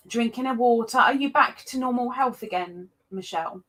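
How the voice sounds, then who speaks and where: A woman hosting a casual livestream chat, greeting viewers by name with excited jumps in her voice. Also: on the high side, normal speed. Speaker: livestream host.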